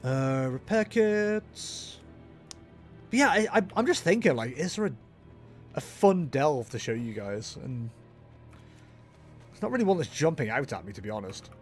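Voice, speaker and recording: A man's voice: medium pitch, very animated, normal speed, long pauses, faint music behind. A man chatting casually as he streams a video game, joking at his own expense. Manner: chatty, self-mocking, jokey asides. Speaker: gaming livestreamer. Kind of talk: casual live commentary while playing.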